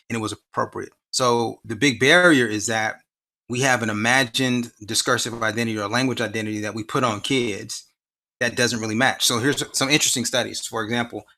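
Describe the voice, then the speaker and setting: A man with a medium-pitched, pushed, bright voice is interviewed as a guest researcher in science education. He explains his ideas expansively and emphatically, often throwing in rhetorical questions.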